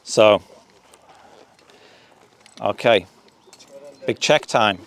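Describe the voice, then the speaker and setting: A man presenting prizes outdoors, reading out winners in a jokey, relaxed manner. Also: fairly low pitch, drawn-out words. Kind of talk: announcing winners. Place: outdoors at a fishery.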